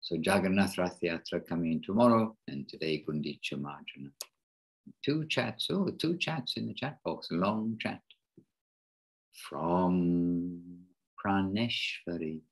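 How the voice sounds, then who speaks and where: A man hosting an informal devotional class online, speaking haltingly and rephrasing himself mid-sentence. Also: low voice, animated, gravelly, slightly rough, poor audio. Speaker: class host.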